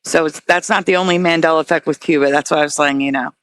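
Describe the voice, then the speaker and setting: A woman talking as an interview guest, earnest and excitable, often stopping and restarting her words. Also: sits low, racing. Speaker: guest researcher. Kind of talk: casual interview talk.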